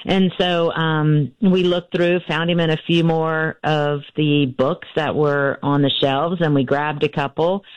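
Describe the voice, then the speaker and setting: A woman in her sixties, an author being interviewed, telling her family story earnestly with halting pauses and fillers. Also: low voice, fairly even intonation, no echo. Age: 60s. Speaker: author guest. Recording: dull dry studio sound.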